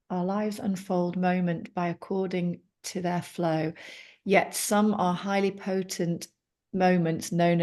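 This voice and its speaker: Woman, reading aloud, slow, lowish voice, self-correcting. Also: a little mellow. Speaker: yoga student.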